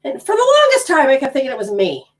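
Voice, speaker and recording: A middle-aged woman teaching energy healing in a loose, blunt way, with a casual curse here and there. Her pitch sits a little high and swings widely, very animated from phrase to phrase. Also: fast talker. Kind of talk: casual teaching talk to a group.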